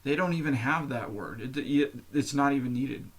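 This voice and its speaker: A man's voice: mid-range voice, normal speed. A man hosting a podcast, talking alone in a loose, unscripted way, rambling, swearing and laughing at himself. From United States. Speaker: podcast host. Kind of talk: unscripted casual monologue.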